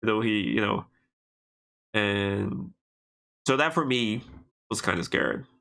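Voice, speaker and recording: Bright-voiced animated man co-hosting a podcast. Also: fairly low pitch, slow pace, creaky. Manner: animated, restarts often, laughs easily. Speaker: podcast co-host. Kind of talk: casual chat.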